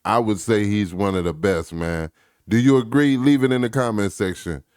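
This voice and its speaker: Give me a deep, smooth-voiced man hosting a casual reaction video, dry and close. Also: normal speed, darkish tone, no echo. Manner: casual slangy, hypes viewers.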